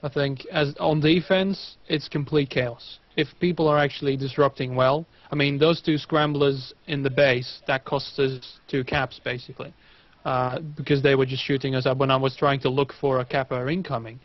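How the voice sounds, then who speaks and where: Man, guest player, monotone, dry jokes, close dry lo-fi call. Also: mid-range voice, normal speed, no room sound. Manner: dry, joking, rambling game analysis. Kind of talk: casual chat over voice call.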